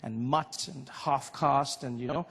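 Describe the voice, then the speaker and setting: A man from Africa, performing a lively stand-up comedy routine and acting out voices. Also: mid-range voice, a little slow, gravelly, slightly rough. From South Africa. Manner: animated, acts out voices and laughs.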